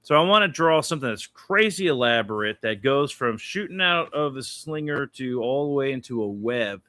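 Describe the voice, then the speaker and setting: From his indoor studio, art panels at his back, a man streams and talks casually about his drawings, cursing freely and staying laid-back. His mid-range voice is sharp and animated at a normal speed, with no echo.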